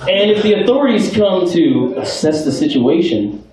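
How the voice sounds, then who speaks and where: A young man doing stand-up comedy in a bar, building each joke with deliberate pauses before the punchline. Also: high-pitched, big pitch swings, crowd noise. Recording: echoey bar, far mic, noisy.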